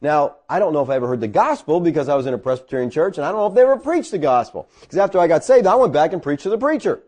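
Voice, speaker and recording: A middle-aged man, a pastor, telling a personal story in a sermon and rising high when he gets excited. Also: quick pace, husky.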